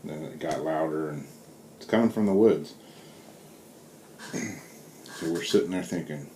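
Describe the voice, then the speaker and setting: A man's voice: extremely low pitch, unhurried, dark tone. Man, middle-aged, southern us accent, rambling vlog chat, echoey room, faint hiss. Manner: laid-back, rambling, full of fillers. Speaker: vlogger. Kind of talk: casual storytelling vlog. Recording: roomy with faint background hiss.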